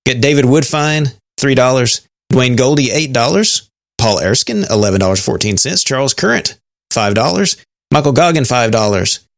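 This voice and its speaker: A man co-hosting a podcast in casual chat, talking in a halting way with many fillers and restarts. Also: medium pitch, lively intonation, vocal fry, dry recording, clean studio sound. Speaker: podcast co-host.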